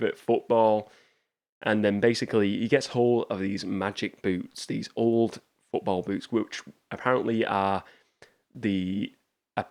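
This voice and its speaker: Male host, lower register, casual rambling movie chat. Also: a little mellow. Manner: chatty, rambling recommendations. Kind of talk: casual movie review talk.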